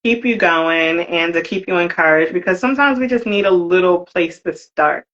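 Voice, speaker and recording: Animated storytelling woman, dull audio. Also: lowish voice, moderate pace. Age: older. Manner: lively, swears, acts out quoted voices. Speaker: guest, creator of a brand for Black women.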